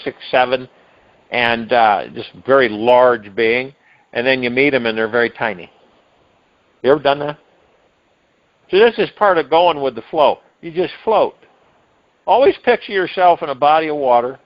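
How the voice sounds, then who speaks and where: A man hosting a meditation call, giving a rambling spiritual talk with restarts and drawn-out emphasized words, heard over a phone conference line. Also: mid-range voice, highs cut off.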